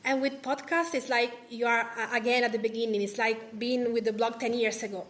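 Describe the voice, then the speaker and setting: A woman's voice: fairly high pitch, fairly even intonation, brisk, a bit bright. A woman from Italy with an Italian accent, a food writer and podcast host talking on a live panel, chatty, with many fillers and restarts. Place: cultural association event room.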